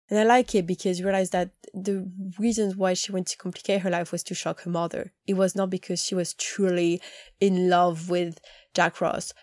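A woman's voice: on the low side, a little mellow, dry recording, studio quality. A woman chatting casually as a podcast host, animatedly retelling scenes and acting out lines. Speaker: podcast host recapping a TV episode. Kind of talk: casual chat.

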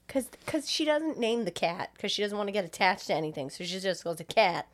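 A woman's voice: mid-range voice, quick pace. A woman co-hosting a podcast, reacting bluntly and sarcastically to the story and swearing freely. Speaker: podcast co-host. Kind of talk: casual chat.

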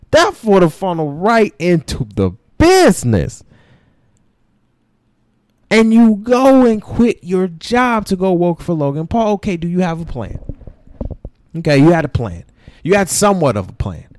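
A man hosting an opinion podcast, ranting in an animated, profane way full of slang and mocking asides. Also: on the high side, a little slow, no room sound, clean studio sound. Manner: mocks others in put-on voices. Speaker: podcast host.

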